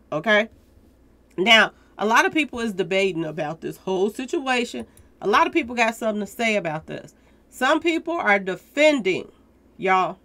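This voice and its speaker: Bright-voiced woman giving emphatic commentary. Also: mid-range voice. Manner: emphatic, repeats points, keeps addressing viewers directly. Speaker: commentary channel host. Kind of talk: casual news commentary to viewers.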